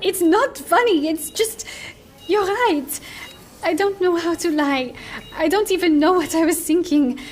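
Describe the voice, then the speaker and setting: A woman's voice: extremely high pitch, unhurried, slight background noise. An actress playing a kind, earnest young woman who is hesitant and sincere, in a game cinematic. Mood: nervous. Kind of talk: video game cinematic drama.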